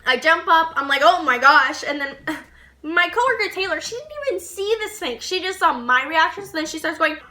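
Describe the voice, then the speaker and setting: A young woman vlogger telling a story to camera in a casual, animated way, swearing and laughing as she goes. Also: very high-pitched, a little fast, noisy background.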